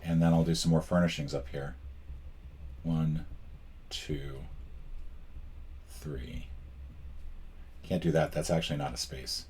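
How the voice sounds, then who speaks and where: A man's voice: extremely low pitch, steady tone, takes it slowly, long pauses, a little mellow, a little hiss or hum. A man playing a solo board game and commenting as he goes, wry and self-mocking, thinking aloud and counting out spaces. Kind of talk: casual playthrough commentary.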